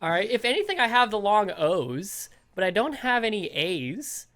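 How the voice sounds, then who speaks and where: A man hosting a casual podcast chat, animated and quick to laugh, with a casual swear here and there. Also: high voice. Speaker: podcast host.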